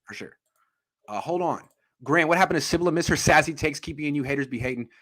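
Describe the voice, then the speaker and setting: Fast, bright-voiced male podcast host. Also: on the high side. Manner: quick, casual, reads viewer comments aloud. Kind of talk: casual sports talk.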